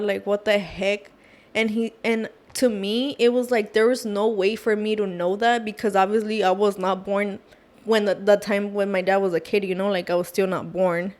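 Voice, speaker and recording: A woman guest on a podcast, telling a personal story casually, with lots of "like" and "oh my gosh". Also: medium pitch. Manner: animated, fillers like "like" and "oh my gosh".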